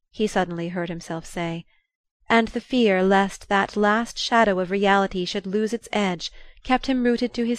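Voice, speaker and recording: A woman narrating a classic novel as an audiobook, in a measured, even, unhurried manner. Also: medium pitch, no room sound, clean studio sound. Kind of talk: scripted literary narration.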